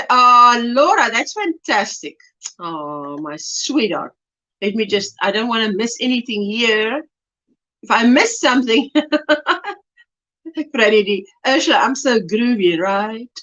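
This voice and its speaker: A woman's voice: a little high, pushed and bright, muffled recording. A woman hosting a casual livestream, bubbly and laughing often as she reads chat comments aloud. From South Africa. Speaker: livestream host.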